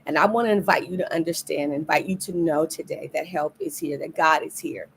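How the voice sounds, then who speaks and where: Low-voiced woman preaching earnestly. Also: a little fast, slight background noise. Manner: earnest, repeats key phrases for emphasis. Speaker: pastor. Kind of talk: livestreamed devotional sermon. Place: indoors, recorded for a livestream.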